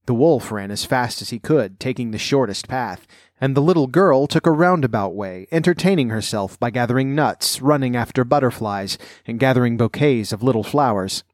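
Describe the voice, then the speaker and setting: Measured male fairy tale reader. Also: medium pitch, expressive, no echo, studio quality. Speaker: narrator.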